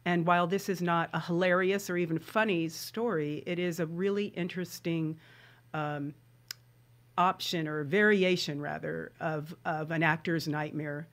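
Female interview host, lowish pitch, casual and hesitant. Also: fairly even intonation, normal speed. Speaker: podcast host.

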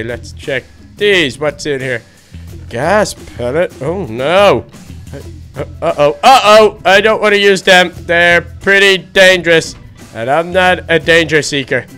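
A man's voice: fairly high pitch, pushed and bright. A man voicing a jumpy Irish duck hero. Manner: jumpy, exclamatory, talks to himself. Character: excitable, silly young male duck hero. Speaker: video creator. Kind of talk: Minecraft adventure role-play.

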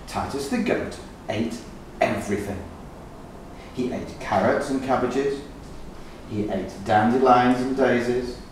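A man reading a children's picture book aloud, slow and expressive. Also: medium pitch, slight background noise. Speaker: children's story reader. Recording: echoey room, distant mic.

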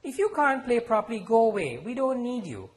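A man's voice: very high-pitched, very animated, brisk, voice pushed up. A man reading aloud, voicing a fearless, loyal little sister who scolds sharply. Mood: scolding. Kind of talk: author reading his novel aloud.

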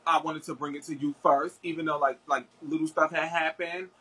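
A man's voice: fairly high pitch, little pitch movement, a little fast, sharp tone, slightly rough, low-quality recording. A man chatting as a guest, telling a story in a rambling way with many fillers and restarts. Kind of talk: casual chat.

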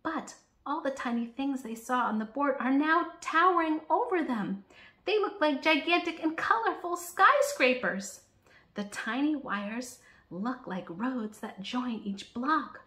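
A woman reads a children's story aloud with bright expression. Her voice sits a bit high and leaps up and down as she narrates. The recording has a roomy echo around it. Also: unhurried. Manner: lively, expressive read-aloud. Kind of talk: reading a picture book aloud.

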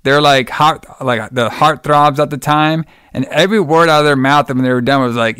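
Smooth-voiced rambling podcast host, man. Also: a little high, moderate pace, few pauses, sharp tone, no echo, clean studio sound. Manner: rambling, laughing, swears freely. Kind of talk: casual podcast chat.

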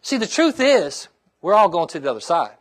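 A middle-aged male pastor preaching a sermon, checking in with the congregation with "okay?" and "amen?" and dropping to a quiet, heartfelt tone when he talks about his own trials. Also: high-pitched, big pitch swings, brisk.

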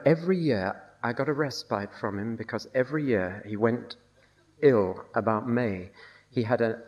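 A man's voice: medium pitch, darkish tone. An older man preaching a sermon, telling a personal testimony with wry, dry humor. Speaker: Bible teacher.

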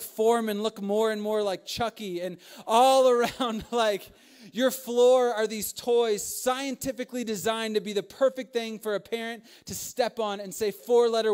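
Animated high-voiced man preaching with humor. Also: clean tone. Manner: humorous storytelling with frequent laughs and asides. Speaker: young adults pastor. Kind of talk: sermon.

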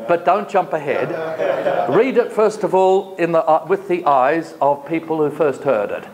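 A man's voice: fairly high pitch, darkish tone, slight background noise. A man lecturing a college class, asking the students questions and paraphrasing the text for them. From Australia.

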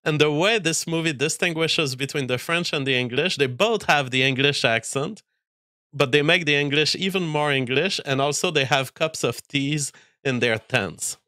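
A man's voice: a little high, normal speed, sharp tone, no room sound, clean studio sound. A man hosting a show and giving a casual spoken film review, exasperated and rambling, often breaking off and restarting sentences.

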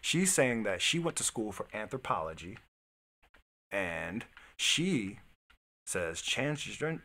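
A man's voice: low-pitched, bright, forceful tone. Slangy man reacting to news live. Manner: reads news aloud and reacts with blunt slangy asides. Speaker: streamer host. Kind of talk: casual live-stream commentary.

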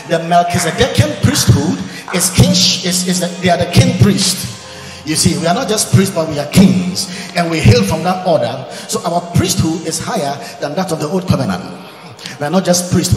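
Male pastor, lively higher voice, fiery sermon with bursts of shouting, recorded in a roomy hall. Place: large church event hall.

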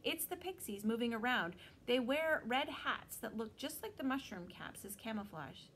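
A woman's voice: a little high, expressive, normal speed, a bit bright, a little hiss or hum. A practical young man talks in a blunt, instructive way, as a woman reading a storybook aloud puts him on. He sounds matter-of-fact and close to the reader's own voice. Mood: explaining.

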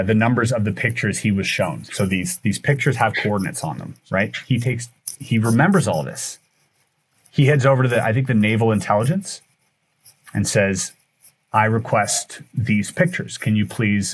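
A man who is a guest on a podcast, telling a story in animated fashion, acting out the dialogue and often restarting his sentences. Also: lowish voice, husky. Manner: acts out dialogue with shifting voices, frequent restarts.

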